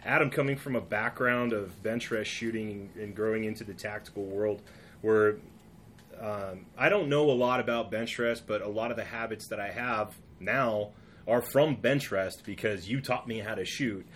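A man's voice: on the low side, moderate pace, fairly bright tone, a little hiss or hum. A man from California hosting a podcast, chatting casually and telling stories. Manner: chatty, storytelling. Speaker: podcast host. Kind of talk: casual interview.

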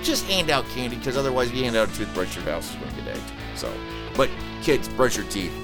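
A man hosting a podcast in casual, joking chat, animated and quick to ham up lines. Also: medium pitch, over loud music. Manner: animated, joking, reads quotes in mock-dramatic tones. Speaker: podcast host.

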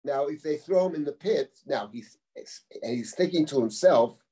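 A man's voice: on the high side, expressive, normal speed, dark tone. A man, a rabbi, giving a live Bible class, explaining the text verse by verse and quoting Hebrew, often repeating words as he thinks. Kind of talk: live text-study lecture. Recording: live class recorded from a distant mic.

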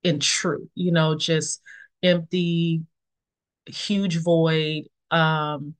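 A woman in her forties sharing a personal faith testimony in conversation, reflective and unhurried, pausing often with fillers. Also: clear, resonant tone. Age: 40s. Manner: reflective, acts out quoted friends with lively high voices. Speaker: podcast guest.

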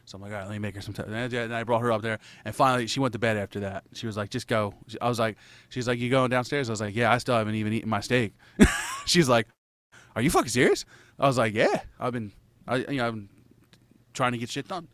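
A man's voice: mid-range voice, fast, fairly bright tone, no echo. A man in casual chat, telling a rambling, profanity-laced story and laughing between lines.

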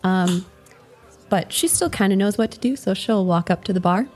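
Female player, calm description, mellow dark tone, faint music. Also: medium pitch, moderate pace. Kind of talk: describing her character.

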